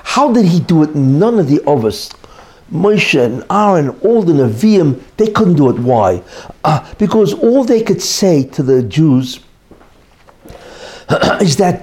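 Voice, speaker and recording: Animated man teaching with rhetorical questions. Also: a little high, takes it slowly. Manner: emphatic, asks rhetorical questions and answers them; repeats key points for emphasis. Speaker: religious teacher. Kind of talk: expository Torah lesson.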